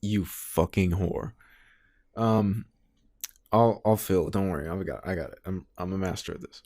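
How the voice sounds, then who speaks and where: A young man with a low voice co-hosts a casual podcast. He trades wry, profane jokes with his co-host and tells his own stories in a loose, offhand way. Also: fairly quick, darkish tone. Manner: wry, joking asides, profane.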